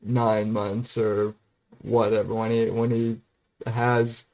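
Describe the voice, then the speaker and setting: A man chatting casually on a livestream, hesitant and halting. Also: lowish voice, level tone, a little mellow. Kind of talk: casual group chat on a livestream.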